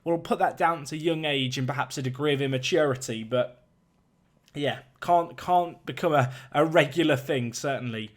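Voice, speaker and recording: A young man giving lively play-by-play commentary on a football management video game, climbing in excitement on big chances. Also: on the high side, moderate pace.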